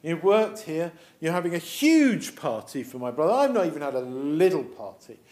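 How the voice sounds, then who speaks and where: A man's voice: on the high side, very animated, normal speed, darkish tone. A man voicing a resentful, hard-working older brother who complains indignantly.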